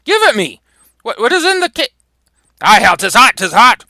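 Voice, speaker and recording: A man's voice: extremely high pitch, big pitch swings, fairly quick, sharp tone, no room sound, voice pushed up, exaggerated voice. A man reading the lines of a boastful, joking old knight in a Shakespeare play. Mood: blustering.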